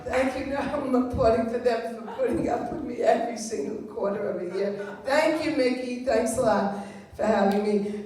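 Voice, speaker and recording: Wry seventy-something New comedienne. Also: female voice, on the high side, normal speed, a little mellow. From Long Island, New York. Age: 70s. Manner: wry, self-deprecating, chatty. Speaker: stand-up comedian. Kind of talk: stand-up comedy set. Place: comedy club stage. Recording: roomy club sound heard from far off.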